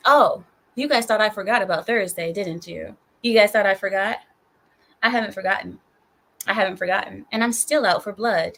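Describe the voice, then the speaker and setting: A woman hosts a casual live stream, her voice a little hoarse from shouting. She scolds her viewers with playful, mock-stern teasing. Her pitch sits in an ordinary middle range. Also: normal speed. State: hoarse from screaming. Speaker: livestream host.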